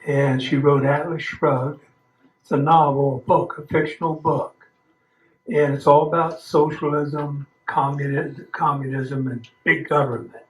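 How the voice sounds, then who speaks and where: A man's voice: a little high, steady tone, measured pace. A man speaking at a roundtable, earnest and plain-spoken with folksy grammar. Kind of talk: opinion talk. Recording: echoey room.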